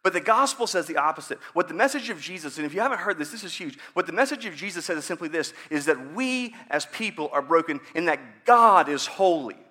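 A man's voice: a little high, expressive, a little fast, hardly any pauses, pushed and bright. A man in his thirties preaching a sermon in a conversational, joking way, acting out prayers. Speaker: pastor.

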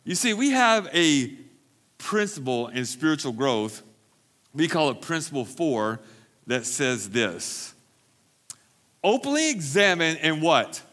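A man's voice: medium pitch, expressive, slow pace, fairly bright tone. A man preaching a sermon as pastor at a church recovery meeting, emphatic and repeating phrases for stress.

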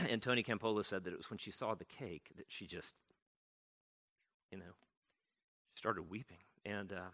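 A man's voice: on the low side, normal speed, long pauses, bright, forceful tone. A man retelling a story to an audience in a loose, chatty way, full of fillers and restarts. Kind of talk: conversational storytelling talk.

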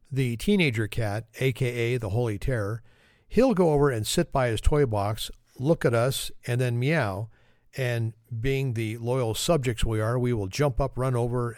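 A man's voice: medium pitch, darkish tone, no echo, clean studio sound. A man hosting a podcast and delivering a humorous monologue in a wry, self-deprecating, conversational manner. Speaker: podcast host.

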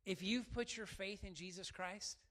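A man preaching a sermon to his church, animated and talking straight to the congregation. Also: high voice, moderate pace. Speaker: pastor.

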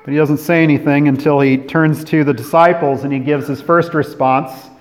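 A man from California preaching a sermon as pastor, moving between emphatic declarations and hushed, drawn-out phrases. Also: a little high, fairly even intonation. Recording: long hall reverb.

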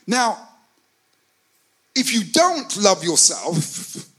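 A man preaching a sermon, swinging between loud calls and hushed asides and leading the congregation to repeat his phrases. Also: sits high, sing-song, drawn-out words, breathy edge, poor audio. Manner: repeats phrases and leads call-and-response with the congregation. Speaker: pastor.

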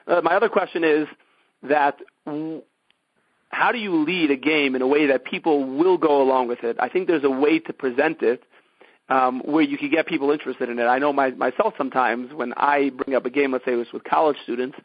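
A man's voice: a little high, dry recording. A man hosting, asking thoughtful questions with many hesitant fillers. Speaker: host. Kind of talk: interview questions. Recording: dull, dry lo-fi sound.

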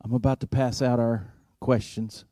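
A man preaching a storytelling sermon, earnest, moving between loud emphasis and hushed, intimate passages. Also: medium pitch, steady tone, moderate pace, no echo, studio quality.

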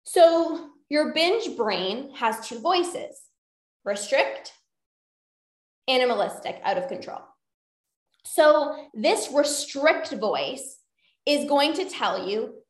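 A woman's voice: sits high, lively intonation, slow pace. A woman coaching casually on a podcast, chatty and often checking in with "right?" and "like". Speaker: binge eating coach and podcast host. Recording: roomy echo.

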